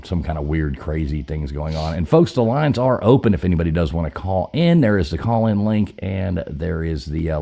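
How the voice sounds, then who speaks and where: A man's voice: low-pitched, vocal fry. A man hosting a live call-in show, telling rambling stories full of fillers. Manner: rambling, with many fillers, loose and animated. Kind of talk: casual chat and storytelling.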